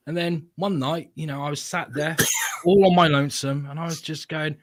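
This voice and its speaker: A man's voice: a little high, lively intonation, fairly quick, dry recording. A man with a British accent chats as a podcast guest, and his voice sounds dry and close. He tells stories with playful flair and acts out what went through his head. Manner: playful storyteller, acts out his own thoughts. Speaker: guest, comic book creator. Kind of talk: casual chat.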